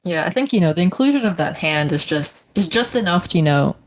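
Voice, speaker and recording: A woman with a lowish voice co-hosting a movie podcast. She talks casually and thinks out loud, hunting for the right words. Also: animated, fairly quick. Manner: thoughtful, searching for words. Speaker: podcast co-host. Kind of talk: casual film review chat.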